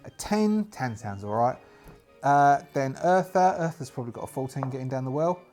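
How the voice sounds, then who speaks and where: Guy narrating his solo tabletop game, chatty, thinking out loud over dice rolls, middle pitch. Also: lively intonation, normal speed, soft background music.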